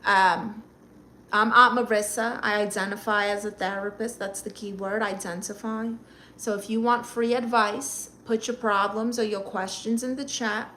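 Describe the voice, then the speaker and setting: A woman's voice: mid-range voice, steady tone, moderate pace, sharp tone, slight background noise. A middle-aged woman with a Brooklyn accent, hosting a live stream and reading chat comments aloud with blunt, sassy comebacks.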